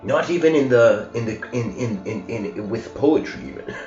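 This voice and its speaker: A man's voice: medium pitch, sing-song, measured pace. A man giving a lecture as a loose, chatty story, often laughing and using fillers. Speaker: spiritual lecturer. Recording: dull roomy recording with music behind.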